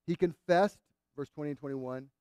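A man's voice: a little high, normal speed, darkish tone, smooth, no room sound, clean studio sound. A man preaching a sermon in an earnest, emphatic way, repeating phrases to drive points home.

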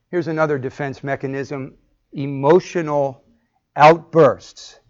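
On a muffled lo-fi recording, a man with a medium-pitched, slightly mellow voice teaches a Bible class, posing questions to the group and acting out the lines he quotes.

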